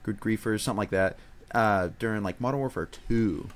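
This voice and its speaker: A young man with a fairly low voice who reminisces haltingly, repeating words while he searches for the right ones. He sounds loose and unscripted over an online voice call. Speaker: podcast co-host. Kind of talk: casual chat.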